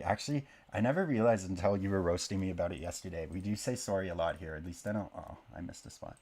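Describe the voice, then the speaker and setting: Low-pitched guy, casual rambling commentary, self-deprecating humor while drawing. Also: fast, few pauses, a little mellow, husky. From born in Canada, raised in Oklahoma. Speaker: map-drawing video creator.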